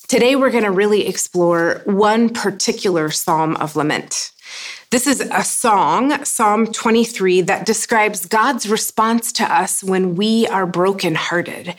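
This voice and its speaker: A woman giving a sermon in a measured, earnest way, pausing to let her points land. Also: mid-range voice. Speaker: preacher.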